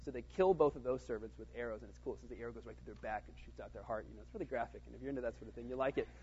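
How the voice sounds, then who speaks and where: A man's voice: mid-range voice, rapid-fire, darkish tone, lo-fi sound, a little hiss or hum. A man teaching a casual Bible study in a conversational way, with fillers and frequent "right?" check-ins to his listeners.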